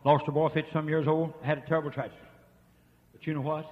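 A man preaching a revival sermon, swinging from hushed murmurs to shouts. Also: fairly high pitch, level tone, fast talker. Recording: dull lo-fi tape with long reverb.

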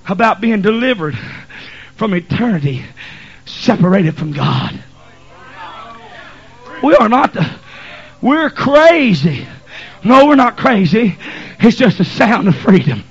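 A male preacher with a high voice, preaching in a folksy, hurried way and reading scripture between asides. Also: sing-song, husky, muffled recording. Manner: folksy, hurried, dialect grammar. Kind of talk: sermon.

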